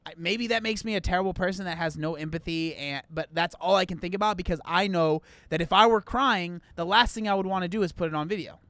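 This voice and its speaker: High-voiced man, chatty commentary. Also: fast, hardly any pauses, fairly bright tone. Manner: rambling, chatty, restarts often. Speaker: reaction video host. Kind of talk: casual commentary.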